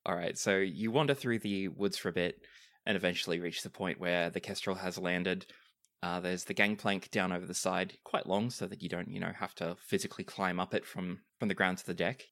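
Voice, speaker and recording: A man's voice: deep voice, steady tone, a little fast, a bit bright, dry recording. A man narrating as game master of a tabletop game, easygoing, with plenty of fillers.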